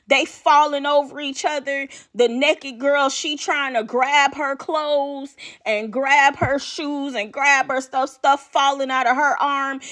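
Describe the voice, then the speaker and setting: A woman podcast host telling a personal story in an animated way, laughing often and checking in with the listener as she goes. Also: high-pitched.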